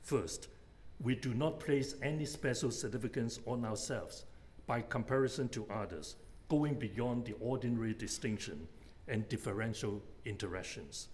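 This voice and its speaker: A man's voice: medium pitch, a little mellow. A man giving an academic lecture on philosophy, methodically setting out numbered points. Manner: measured, methodical, enumerating points.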